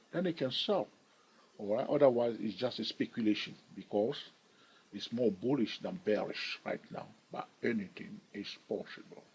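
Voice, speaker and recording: A man hosting a stock trading channel gives a chart analysis tutorial, joking with viewers and frequently checking in with "all right?". His voice is medium-pitched, darkish and husky, and the audio is poor.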